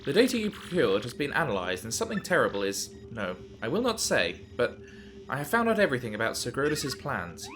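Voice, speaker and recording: A man voicing a calm, earnest male computer AI of an enemy base, speaking in a formal, measured, subdued way. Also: mid-range voice, background noise. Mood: solemn.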